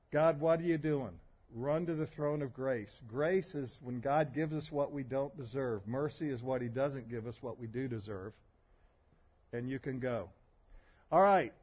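A man preaching to a group of men, folksy and punchy, telling personal stories. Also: a little high. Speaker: men's ministry teacher. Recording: muffled lo-fi recording.

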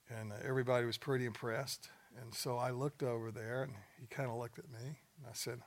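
A man's voice: mid-range voice, a little fast. Folksy older man preaching to men. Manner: folksy, plain-spoken, joking asides. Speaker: speaker at a men's gathering. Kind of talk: sermon with storytelling.

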